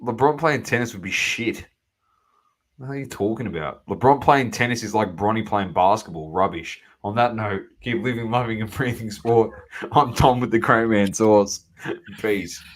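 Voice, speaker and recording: A man's voice: lowish voice, moderate pace. An Australian man co-hosting a sports podcast, chatting casually in blunt, sweary slang. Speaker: podcast co-host.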